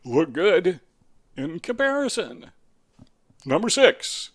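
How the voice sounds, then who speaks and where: A man's voice: a little high, expressive, normal speed. A man talking casually to camera in a musing way, asking rhetorical questions with a dry sense of humor. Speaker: video host. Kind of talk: casual spoken monologue.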